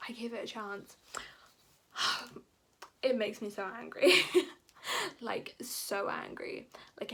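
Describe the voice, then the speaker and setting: A woman book vlogger giving a casual, ranting review. She talks in an animated, exasperated way, with lots of "like". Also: on the high side. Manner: animated and exasperated, heavy use of "like".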